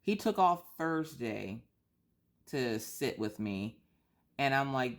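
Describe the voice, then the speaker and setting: A woman with a slightly stuffy nose chats casually as she colors on camera. She vents in a lively, theatrical way and piles up one rhetorical question after another. Her tone stays easy and conversational. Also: a bass voice, takes it slowly, long pauses. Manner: animated, exaggerated rhetorical complaining. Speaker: craft vlogger. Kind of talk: casual chat while coloring.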